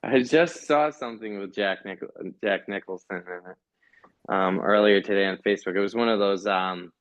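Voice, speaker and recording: A man in casual conversation who speaks haltingly, with many fillers and restarts. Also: fairly low pitch. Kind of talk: casual chat. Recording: dull lo-fi sound.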